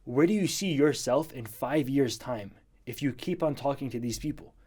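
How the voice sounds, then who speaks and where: A man speaks straight to a viewer, giving blunt advice in a relaxed, mellow voice. His pitch sits right in the middle, and he talks earnestly, repeating key points for emphasis without softening them. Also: normal speed, husky. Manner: blunt, tells it like it is.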